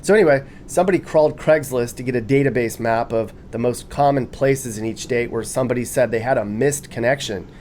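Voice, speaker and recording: A man's voice: mid-range voice, a little fast, hardly any pauses, darkish tone, a little hiss or hum. A man narrating a video with casual, jokey commentary, often laughing and reading quotes aloud with mock enthusiasm.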